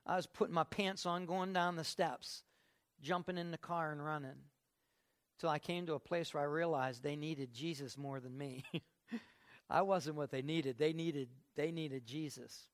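An older man, a pastor, preaching a sermon in a folksy, conversational way, moving between soft asides and emphatic lifts. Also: a little high, fairly even intonation, unhurried.

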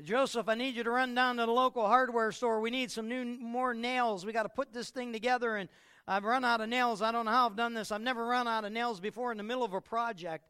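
A man's voice: extremely high pitch, steady tone, fast talker, pushed and bright, smooth, pitched above the performer's own voice. A man voicing a stern carpenter father who insists firmly and gets exasperated.

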